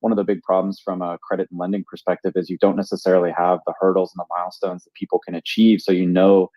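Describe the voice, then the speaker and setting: A man's voice: low voice, little pitch movement, fast, dry recording, highs cut off. A man co-hosting a casual podcast chat, rambling with fillers and restarts. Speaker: podcast co-host.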